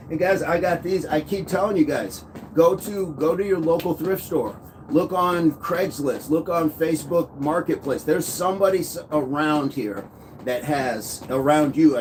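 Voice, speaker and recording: A man's voice: fairly high pitch, a little mellow. Upbeat man live-streaming on a walking pad. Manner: upbeat, chatty, reads viewer comments aloud and answers them. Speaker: fitness livestream host. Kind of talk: live stream chat reading comments. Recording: faint background noise.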